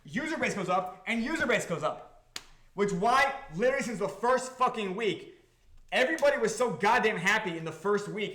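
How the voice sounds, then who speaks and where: A man with a high, bright voice hosts a live stream, talking fast and loose to chat. He swears freely and keeps checking that his listeners follow him. The echo of the room around him carries on the recording. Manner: animated, profane, repeats himself, keeps asking the audience if they follow. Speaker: crypto project founder hosting a live stream.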